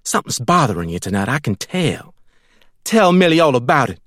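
A man's voice: mid-range voice, big pitch swings, a little fast, fairly bright tone, no room sound, clean studio sound, pitched above the performer's own voice. A man voicing a clingy, doting woman who coos and pleads, in an audiobook reading. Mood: coaxing. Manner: cooing, pleading, baby talk.

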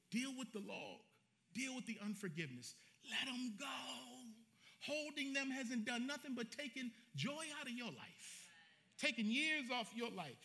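Pastor man giving a sermon, talks high and sharp, super animated and folksy. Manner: animated, colloquial, joking with the congregation.

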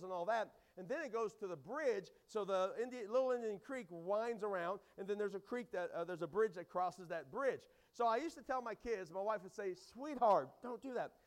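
A middle-aged man preaching a sermon, energetic and loud, telling stories with many restarts, his voice strained from days of preaching. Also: sits high. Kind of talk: sermon with storytelling. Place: church hall.

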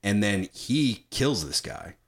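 Low-voiced guy chatting about a movie, swears a lot, voice jumps all over, acts out the lines. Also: slow pace, vocal fry. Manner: animated, swears freely, retells scenes with acted-out quotes. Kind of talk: casual film discussion chat.

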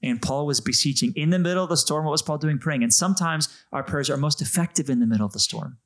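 A man co-hosting a podcast, talking through a Bible passage in a lively, casual way and acting out the quotes. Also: on the high side, fast talker. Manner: animated, acts out quotes with shifting voice. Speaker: podcast co-host.

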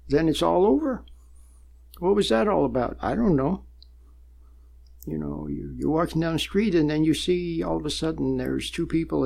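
A man teaches meditation in a relaxed, conversational way, repeating himself and chuckling as he goes. His voice sits a bit high and has a gravelly edge. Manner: conversational, repetitive, chuckles often. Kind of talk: spoken teaching on a program.

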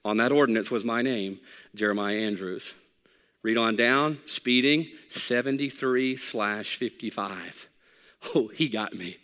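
A man's voice: on the low side, measured pace, fairly bright tone, clear, resonant tone. A man preaching a sermon as pastor, telling folksy stories and rising with emphasis at key points. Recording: long hall reverb.

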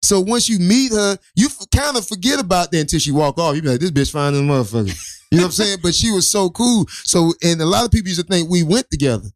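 Man, casual rambling storyteller, raised pitch, dry close mic. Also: lively intonation, fast talker, few pauses, no echo. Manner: loose, profane, rambling storyteller with many restarts. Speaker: co-host.

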